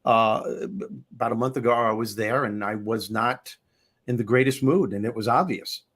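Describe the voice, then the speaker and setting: An older man hosting a casual talk show, telling stories in an animated way and acting out the people in them. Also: medium pitch, normal speed. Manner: animated storyteller, acts out characters. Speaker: host.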